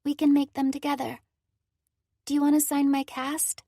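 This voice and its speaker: A woman voicing a timid, injured young girl who speaks in a small, soft voice in an audiobook. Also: sits high, flat delivery, moderate pace, dry recording, studio quality, pitched above the performer's own voice.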